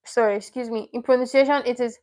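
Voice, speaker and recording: Woman teaching a live lesson, kinda high voice, slow and patient, says stuff over and over. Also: steady tone, a little mellow. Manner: patient, explains step by step, repeats words. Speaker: Korean language teacher. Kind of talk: livestream lesson.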